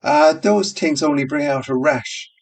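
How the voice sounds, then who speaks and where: A man voicing a bold young barmaid who teases loudly in a raised voice. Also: a little high, sing-song, unhurried, gravelly, far from the mic, voice pushed up, full character voice. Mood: teasing. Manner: mocking, loud, teasing. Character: bold young Dublin barmaid, teasing, brassy.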